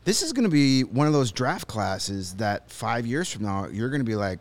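A man's voice: mid-range voice, very animated, normal speed, few pauses. A man co-hosting a sports podcast, giving opinions and joking in casual chat. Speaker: podcast co-host. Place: studio.

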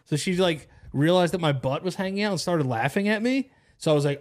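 A man's voice: fairly high pitch, animated, brisk. A young man hosting a podcast, telling a long story in casual chat, rambling and profane with lots of slang. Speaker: podcast host.

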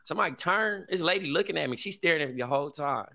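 A man's voice: on the high side, animated, racing, gravelly, sharp tone. A man co-hosting a podcast, talking brash, profane and slangy in casual chat. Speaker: podcast co-host.

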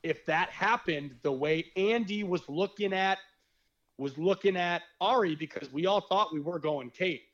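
A man's voice: high-pitched, measured pace, a bit bright, dull audio. A young man, a podcast guest, telling stories in a candid, rambling way with slang and the odd swear word. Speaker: podcast guest, former reality show contestant. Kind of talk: casual podcast chat.

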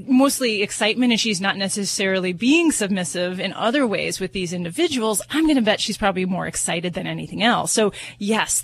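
A woman's voice: medium pitch, slight background noise. Chatty woman radio vet. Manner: explanatory, laughs lightly between points, filler-heavy. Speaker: veterinary expert on a pet radio show. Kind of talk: radio call-in advice.

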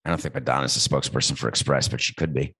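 A man hosting a talk show, riffing playfully and rambling, with sudden jumps in pitch. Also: steady tone, racing, fairly bright tone, breathy edge. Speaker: show host. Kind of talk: comedic talk-show monologue with ad read.

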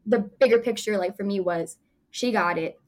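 A woman's voice: mid-range voice, moderate pace, a little mellow. A woman in her twenties, an actress guest, telling stories in a chatty, laughing way full of fillers. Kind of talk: casual interview chat.

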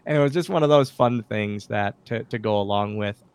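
A man, a former pro wrestler, telling backstage stories as a guest in a casual interview, lively and full of acted-out quotes. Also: lowish voice, a little fast, clear, resonant tone, no room sound. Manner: animated anecdotes, acts out quoted dialogue, many restarts. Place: podcast studio.

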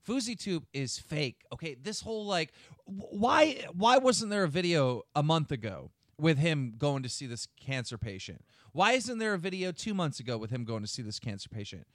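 A man's voice: fairly high pitch, sing-song, moderate pace, no echo. Angry ranting man, dry close sound. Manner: angry, profane, lecturing. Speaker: show host. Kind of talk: heated podcast rant.

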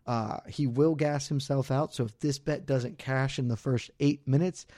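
A man co-hosts a betting podcast in a relaxed, mellow voice. He rambles and jokes at his own expense while he lays out his picks. The sound is close and dry. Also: medium pitch, normal speed, no echo. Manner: loose, rambling, self-deprecating. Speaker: podcast co-host. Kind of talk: casual betting podcast chat.

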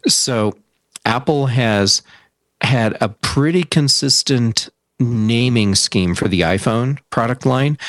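A man's voice: medium pitch, fairly bright tone, dry recording, clean studio sound. A man commenting on tech as a show guest, thinking aloud with fillers and restarts. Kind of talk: casual tech talk.

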